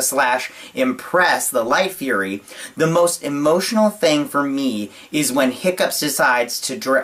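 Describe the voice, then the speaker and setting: Gushing man reviewing a film. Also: mid-range voice. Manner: gushing and excitable, with frequent uh and like fillers. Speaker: movie review channel host. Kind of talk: casual spoken movie review.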